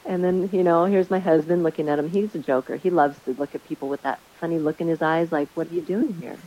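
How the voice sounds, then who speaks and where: A woman chats casually in a lowish voice, telling hosting stories in an animated way. She acts out the other people's lines as she goes. The recording is dull and lo-fi. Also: quick pace. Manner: animated storyteller, acts out quotes. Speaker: Airbnb host sharing stories. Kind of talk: casual chat.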